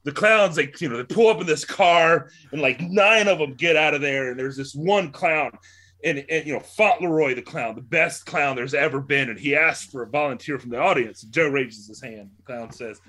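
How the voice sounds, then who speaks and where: A man's voice: fairly high pitch, normal speed, bright, forceful tone. A man in casual chat, telling a long rambling joke with swearing and laughs. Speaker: podcast co-host.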